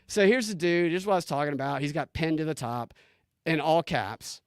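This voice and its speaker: A man hosting a commentary show, talking in an animated, incredulous way with many restarts as he reads posts aloud. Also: on the high side, a little fast, clear, resonant tone, no echo, studio quality. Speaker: political commentary show host. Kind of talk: casual on-screen commentary.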